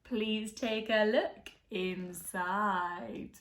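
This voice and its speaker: Storybook shark, sly grin, slow and teasing, voiced by a woman, roomy recording. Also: mid-range voice, steady tone, fairly bright tone, voice pushed down. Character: grinning shark luring prey closer. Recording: echoey room.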